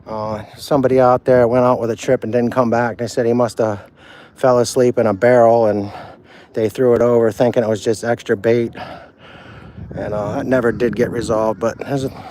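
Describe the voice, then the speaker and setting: A man's voice: mid-range voice, darkish tone. A man on a casual live stream, talking loosely and swearing freely while he walks an outdoor harbor dock, filmed on a handheld phone. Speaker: vlogger walking a harbor.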